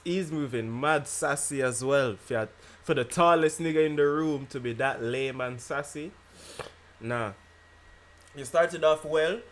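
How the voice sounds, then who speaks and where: A man with a London accent live-streaming his reaction to a rap battle, talking in loose slang, laughing often and repeating his lines. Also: on the high side.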